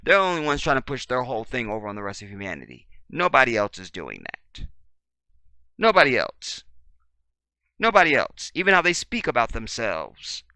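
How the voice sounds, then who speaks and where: A man hosting a commentary monologue, repeating his points emphatically in a preachy way and swinging from loud to very quiet. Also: medium pitch, wildly swooping pitch, moderate pace, dry recording. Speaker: commentary channel host.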